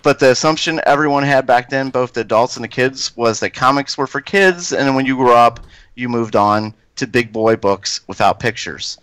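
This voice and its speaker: A man's voice: medium pitch, normal speed, hardly any pauses, a bit bright, clear, resonant tone, no room sound. A man co-hosting a podcast, blunt and sarcastic, swearing as he gives his rundown. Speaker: podcast co-host. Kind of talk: casual podcast chat, reading a quote aloud.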